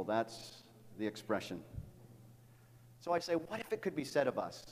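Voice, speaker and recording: With an animated, medium-pitched voice at a moderate pace, a middle-aged man preaches as a pastor in a church sanctuary. He tells a story earnestly, often repeating words, while the big hall adds long reverb.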